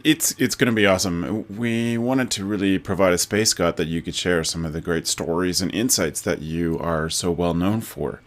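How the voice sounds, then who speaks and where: A deep-voiced man introducing a new show for a podcast network. He speaks in a measured, deliberate way, his voice sitting low for a man.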